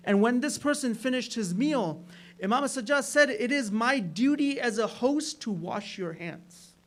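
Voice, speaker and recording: At a community hall, a high-voiced man speaking at a religious gathering tells a sermon story. He sprinkles in frequent "right?" asides and grows loud at dramatic moments.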